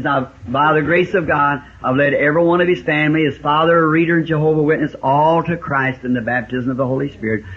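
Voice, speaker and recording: A man from the States, preaching and telling a folksy hunting story, with sudden high exclamations. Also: husky. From Southern United States. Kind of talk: storytelling sermon. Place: church meeting with a congregation. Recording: lo-fi 1960s live sermon tape.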